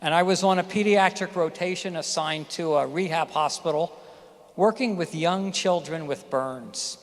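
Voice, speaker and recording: A middle-aged physician gives a graduation speech, telling the graduating class a personal story candidly and with emphasis at a moderate pace. His voice is a little high for a man, and the ceremony hall adds a long reverb.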